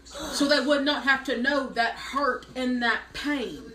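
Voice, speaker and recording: At a measured pace, a woman whose voice sits high performs a comic monologue, recounting a spoiled, sorry-for-herself story without a hint of a smile. The humor comes from deadpan exaggeration and mock self-pity. There's background noise, and the room echoes.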